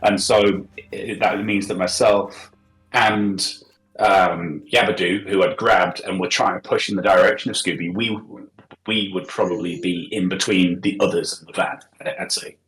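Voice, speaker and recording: A man's voice: low-pitched, fairly even intonation, moderate pace, a bit bright. A man playing in a tabletop game, describing his character's actions in a rambling, hesitant way. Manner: rambling, full of fillers and restarts. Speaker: player. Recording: roomy echo.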